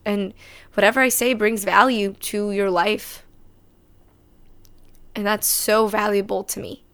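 A woman with a mid-pitched voice talks alone into her podcast mic, unscripted and confessional. She rambles, stops to correct herself, and swears casually as she thinks aloud. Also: fairly even intonation, a little slow, fairly bright tone. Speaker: podcast host. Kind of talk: unscripted solo podcast monologue.

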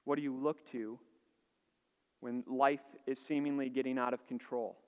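A pastor preaching a sermon earnestly, building emphasis and asking rhetorical questions. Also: male voice, mid-range voice, flat delivery, moderate pace, clean tone, long reverb tail, phone-quality sound.

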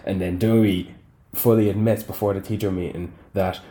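A man's voice: sits low, fairly even intonation, normal speed, dark tone. A young man co-hosting a film podcast, talking casually and a bit hesitantly. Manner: hesitant, many fillers and restarts. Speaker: podcast co-host.

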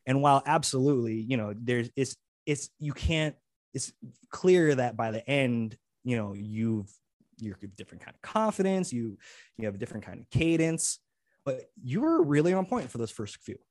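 Man, podcast co-host, earnest, rambling, restarts often, mid pitch, dry close sound. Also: big pitch swings, moderate pace, no room sound. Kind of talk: casual podcast chat.

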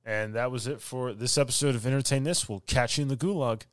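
A man co-hosting a gaming podcast in casual chat, blunt and jokey and quick to complain. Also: mid-range voice, noisy background. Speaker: podcast co-host.

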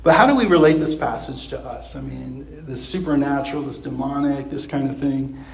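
A man's voice: normal speed, gravelly. A man preaching a sermon in a conversational way, with chuckles and fillers. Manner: acts out quoted voices with pitch jumps. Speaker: pastor.

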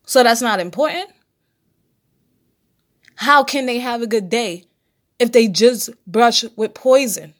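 Solo podcast host, woman, blunt and preachy, swears freely, slightly raised pitch. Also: takes it slowly, pauses often. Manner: blunt, preachy, profane, talks straight to listeners. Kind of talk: casual solo podcast monologue.

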